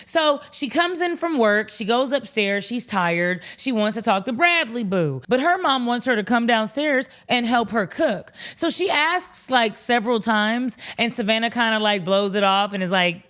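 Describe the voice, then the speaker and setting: A woman vlogger recapping reality TV in a casual, animated and blunt way, swearing freely. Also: a little high, normal speed, hardly any pauses.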